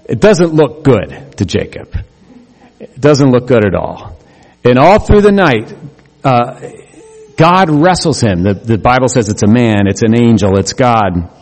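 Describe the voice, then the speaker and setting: Pastor preaching in an echoey hall. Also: male voice, mid-range voice, lively intonation, a little mellow. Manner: conversational and humorous, with quick asides. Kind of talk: sermon. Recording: echoey hall with long reverb.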